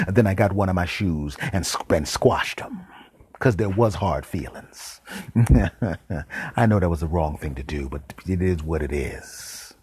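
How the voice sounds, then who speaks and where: A man hosting a podcast, telling a comic story in a deadpan way with dramatic pauses and whispered asides. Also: extremely low pitch, slightly rough, dry recording. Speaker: podcast host.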